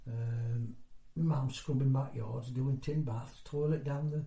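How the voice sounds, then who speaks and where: A man's voice: mid-range voice, steady tone, unhurried, creaky, mellow. A man in his sixties from North East England, telling his memories in a rambling, conversational way during an oral history interview. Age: 60s. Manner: rambling, conversational storytelling with broken-off phrases. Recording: roomy echo.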